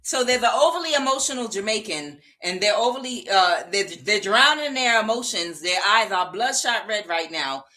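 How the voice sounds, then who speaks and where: Bright-voiced chatty woman reading tarot. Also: mid-range voice, lively intonation, moderate pace, hardly any pauses, soft background music. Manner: chatty, rambling, with frequent fillers and laughter. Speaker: tarot reader. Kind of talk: casual tarot reading monologue.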